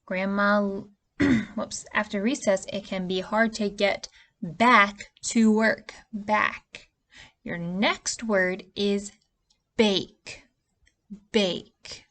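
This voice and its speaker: A woman's voice: medium pitch, steady tone, extremely slow, a bit bright. A woman teacher giving a spelling lesson to young children, patient and stretching out the vowel sounds. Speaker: early-years teacher.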